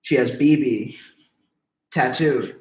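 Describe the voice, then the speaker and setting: Young man, interviewer, casual joke-teller who cracks himself up and swears; roomy echo, mid-range pitch. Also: slow. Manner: laughs at his own jokes, swears freely. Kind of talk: casual chat, telling a joke. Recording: echoey room.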